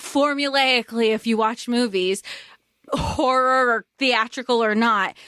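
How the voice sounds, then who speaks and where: A woman's voice: fairly high pitch, fairly bright tone, no echo. A woman co-hosting a podcast, chatting casually about a film, laughing often and quoting its lines in exaggerated voices. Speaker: podcast co-host. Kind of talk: casual movie discussion chat.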